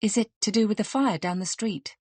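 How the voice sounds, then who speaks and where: A woman's voice: medium pitch, brisk, slightly rough, no echo, voice pushed up, close to an everyday voice. A woman voicing a polite, eager young woman in an audiobook mystery.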